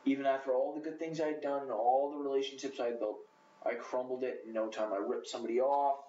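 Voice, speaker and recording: A man talking bluntly and profanely about his past, rambling with fillers as he goes. His voice is medium-pitched and comes from a distance in an echoey room. The recording is muffled and rough, with a faint hiss. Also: fairly even intonation, fast, mellow. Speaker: interview guest. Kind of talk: candid personal storytelling.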